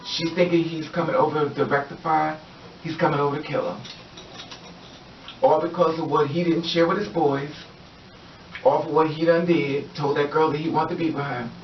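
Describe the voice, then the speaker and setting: A slightly high-voiced vlogger rambles through a story at a moderate pace, his pitch staying fairly even. He repeats himself, leans on fillers, and plays out the other people's lines. It sounds distant and echoey, lo-fi and muffled, with a touch of hiss or hum.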